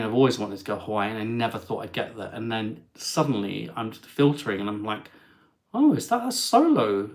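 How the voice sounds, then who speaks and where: A man hosting a casual live travel stream, chatting and reading viewer comments aloud in an animated way. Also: medium pitch. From England.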